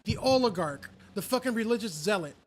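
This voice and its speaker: A man's voice: high voice, animated. A man co-hosting a casual podcast chat, profane and saying "bro" often. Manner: rapid, profane, says "bro". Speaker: podcast co-host.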